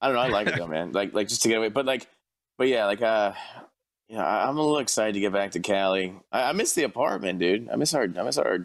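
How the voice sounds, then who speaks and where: A man co-hosting a casual podcast, telling animated stories and laughing often. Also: fairly low pitch, quick pace. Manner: animated storyteller, laughs a lot. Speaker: podcast co-host.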